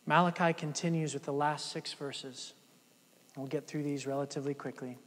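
A man preaching a sermon in a high voice, building to loud, emphatic peaks and then dropping to soft, low passages. His voice rings out with the long reverb of a church sanctuary. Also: steady tone, moderate pace. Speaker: pastor.

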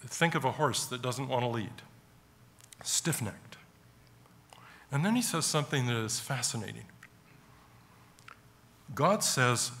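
A man preaching a sermon in a church, telling stories earnestly in short, paused phrases. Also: medium pitch, lively intonation, a bit bright.

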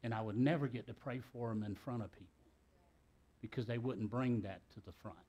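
A man's voice: medium pitch, a little fast, darkish tone, husky. Folksy preacher man. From South Carolina, US. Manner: folksy, talkative, breaks into joking asides. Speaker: pastor. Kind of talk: sermon. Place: church sanctuary.

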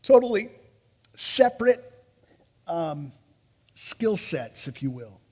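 A man preaching a sermon as pastor, reading scripture with animated emphasis and dropping casual asides. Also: high voice, slow pace, long reverb tail.

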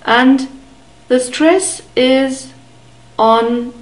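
A woman teaching German pronunciation to beginners, patiently repeating each word slowly and clearly. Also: high-pitched, reverberant, low-quality recording. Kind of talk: slow, careful pronunciation lesson.

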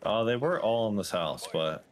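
A man on voice chat calling out enemy positions calmly during a game. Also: fairly low pitch, moderate pace. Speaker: teammate. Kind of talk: game callouts.

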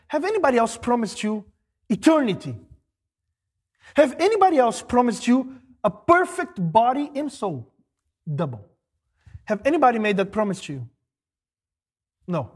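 A middle-aged male pastor preaching a sermon, animated, rising to emphatic exclamations. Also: high voice, husky.

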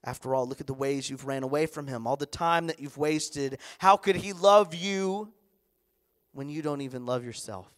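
A man preaching a sermon as pastor in a church, animated, acting out the voices of others. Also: a little high, moderate pace.

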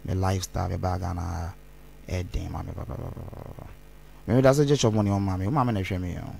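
A man's voice: deep voice, fairly even intonation, a little fast, gravelly, darkish tone, a little hiss or hum. A man, rambling as an interview guest and mixing Twi phrases into his English. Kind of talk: candid interview talk.

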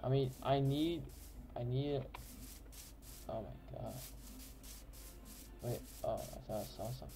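A man's voice: mid-range voice, slow, pauses often, poor audio. A man giving casual, rambling game commentary as host, often correcting himself mid-sentence. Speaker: gameplay host.

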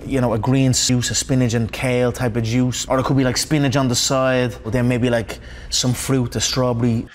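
Relaxed Irish man listing things. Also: medium pitch, normal speed, faint music behind. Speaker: interviewed athlete. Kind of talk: casual interview answer.

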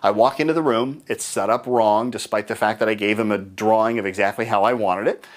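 Animated man telling seminar stories. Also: a little fast. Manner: animated storyteller acting out dialogue in higher voices. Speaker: seminar speaker and trainer. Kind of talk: live seminar talk.

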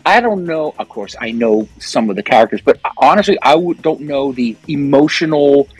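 A man, a guest musician, chatting casually in an interview and telling animated stories in a loose, profane way. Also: medium pitch, normal speed, husky, dry recording, soft background music, low-quality recording.

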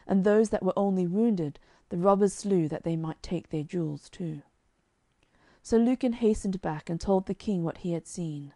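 Woman narrator, calm storybook reading, close dry recording. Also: on the low side, moderate pace, dry recording. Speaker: audiobook narrator.

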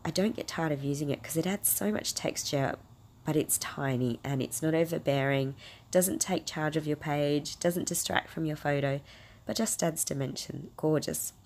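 A woman hosting a casual crafting tutorial, her voice hoarse and raspy from a cold as she chats and gushes over colours. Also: sits low, moderate pace, a little mellow. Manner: chatty, gushing over colours. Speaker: craft video host.

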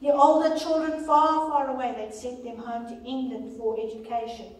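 Woman Bible study leader, high voice, earnest and expressive, very echoey hall, distant mic. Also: moderate pace. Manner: earnest, expressive storytelling with emphatic reading. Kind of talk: teaching a ladies' Bible study. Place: large church hall.

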